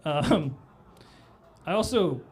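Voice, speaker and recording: A man's voice: on the high side, big pitch swings, very slow, darkish tone, breathy edge. A man performing a stand-up comedy set on a club stage, with a loose, rambling delivery full of "all right?" asides.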